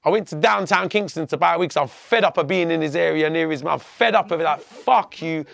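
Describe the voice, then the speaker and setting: Male podcast guest, casual profane storyteller, acts out the dialogue, high gravelly voice. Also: fast, fairly bright tone, no echo.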